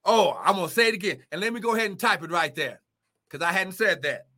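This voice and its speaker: A man's voice: sits high, fast talker, pushed and bright. A man preaching a livestreamed sermon with fervent exclamations and repeated phrases.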